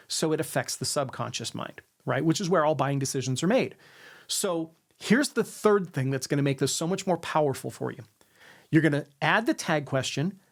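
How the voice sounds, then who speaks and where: A man teaching sales influence techniques to camera, who often tags his sentences with "right?" and ends them on a falling note. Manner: demonstrates intonation, ends sentences on a lower note. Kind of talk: instructional talk to camera.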